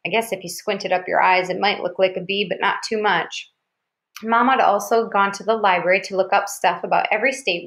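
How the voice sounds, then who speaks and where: A woman reads a chapter of a novel aloud in the first person. Her delivery is even and steady, with plain, unhurried storytelling. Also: medium pitch. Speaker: audiobook reader.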